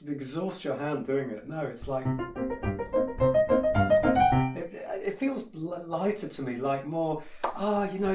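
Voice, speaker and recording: A man's voice: fairly high pitch, lively intonation, normal speed. A man teaching a piano piece in a casual tutorial, opinionated and hesitant, with many fillers and restarts. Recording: echoey room with piano playing.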